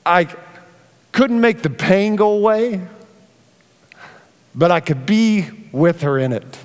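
Pastor, middle-aged man, high voice, lively storyteller, stage mic in a big reverberant sanctuary. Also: slow, smooth. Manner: animated storyteller, acts out family dialogue. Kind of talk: sermon with personal story. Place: church auditorium. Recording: long hall reverb.

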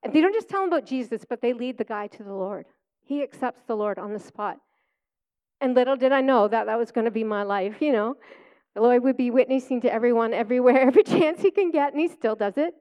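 Middle-aged female preacher with a high voice, chatty testimony storyteller who laughs easily. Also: animated, quick pace, warm tone, clear, resonant tone. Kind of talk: personal testimony sermon.

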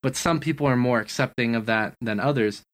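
A man's voice: mid-range voice, fairly quick. A man co-hosting a gaming podcast, chatting casually and leaning on fillers like "like". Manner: filler-heavy, says "like" a lot. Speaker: podcast co-host. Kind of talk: casual chat.

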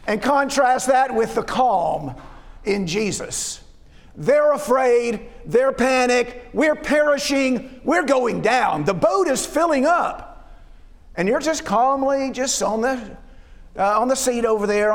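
A man preaching a sermon as pastor, in a conversational, folksy way with chuckling asides. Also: very high-pitched. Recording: long hall reverb.

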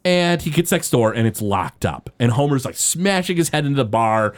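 A man recapping a cartoon episode in casual podcast chat, rambling and halting with many fillers. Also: medium pitch, big pitch swings.

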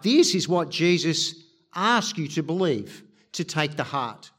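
A man preaches a sermon in a voice that sits a little higher than usual for a man. He appeals directly and earnestly to the people listening. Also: sing-song, a little slow, a bit bright.

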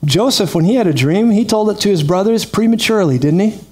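A man's voice: high voice, lively intonation, fast talker, darkish tone. A man preaching a sermon in a chatty, storytelling way with laughing asides.

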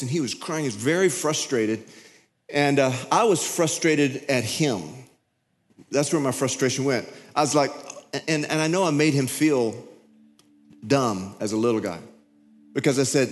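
A middle-aged man preaching a sermon in a conversational, confessional way, telling a story with many halting restarts. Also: medium pitch, in a large hall. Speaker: pastor.

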